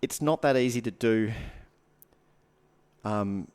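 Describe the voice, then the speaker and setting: A man's voice: on the low side, slow, darkish tone, clear, resonant tone. A man, a guest coach giving earnest advice in casual podcast talk, repeating short punchy phrases.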